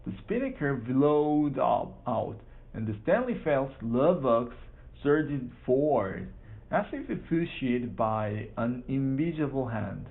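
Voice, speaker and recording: A man reading a children's book aloud for practice, halting, repeating and correcting words. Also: medium pitch, expressive, vocal fry. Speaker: reader. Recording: tinny phone-like sound.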